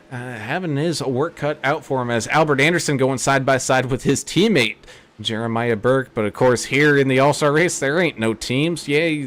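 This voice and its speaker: A man calling play-by-play for a sim race, who gets excitable at wrecks. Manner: excitable, jumps high at crashes. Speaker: race commentator. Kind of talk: play-by-play commentary.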